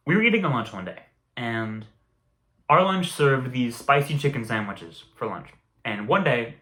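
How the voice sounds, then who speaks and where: A man's voice: medium pitch, pushed and bright. A young man telling a casual story, rambling and swearing often. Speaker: vlogger. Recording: roomy echo, faint music behind.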